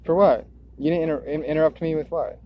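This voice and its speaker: A man's voice: on the high side, steady tone, fast. A man rambling in a stream-of-consciousness monologue, drifting, repeating words and circling back on his thoughts. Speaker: video creator. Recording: dull lo-fi recording.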